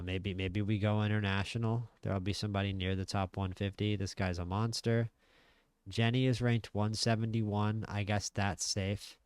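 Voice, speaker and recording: A man's voice: on the low side, clear, resonant tone, dry recording. A man giving casual let's-play commentary, thinking aloud with frequent restarts. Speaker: gaming channel host.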